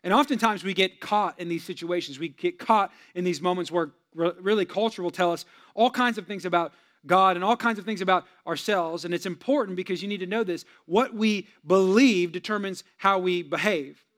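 A young adult man, a pastor, giving a sermon in a lively, conversational way with personal stories and jokes for the congregation. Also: high-pitched, fairly quick.

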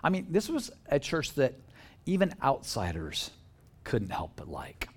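A man preaches a casual, lively sermon in church, bantering with the congregation and putting questions to them. His voice is medium in pitch and unhurried, with a bit of background noise.

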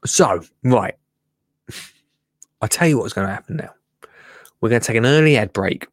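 A man's voice: lowish voice, animated, moderate pace, dry recording, studio quality. A man hosting a casual livestream, chatty and laughing, often muttering to himself and trailing off while he works the computer. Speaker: livestream host. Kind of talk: casual live-stream chat.

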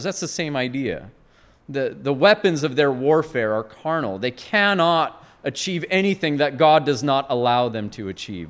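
A man's voice: fairly high pitch, a bit bright. A man preaching a sermon, earnest and expository, rising to emphatic peaks and often restarting his words. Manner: frequent restarts and repeated words.

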